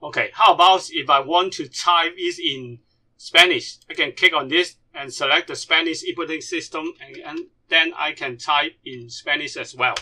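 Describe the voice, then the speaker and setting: Man, teacher, screen tutorial, halting English, very bright voice, fairly high pitch. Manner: halting, non-native grammar. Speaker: language teacher.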